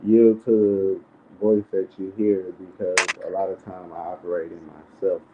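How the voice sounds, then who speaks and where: A man with a low voice speaks earnestly as a guest, thinking his words through. His sound comes over a dull, lo-fi line with faint background hiss. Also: level tone, normal speed. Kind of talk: casual chat.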